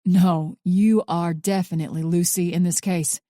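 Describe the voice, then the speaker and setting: A protective male FBI agent speaks in a gentle, reassuring way, as a woman narrator reads his part. His tone is dark and mellow, and the sound is dry and close. It comes across as an audiobook reading. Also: lowish voice, fairly even intonation, normal speed, no room sound, lightly acted. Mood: teasing.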